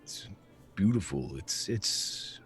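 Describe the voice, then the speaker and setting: A man's voice: sits low, animated, slow, soft background music. A man playing in a tabletop game, musing and offering tentative suggestions. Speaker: player. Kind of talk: casual tabletop play.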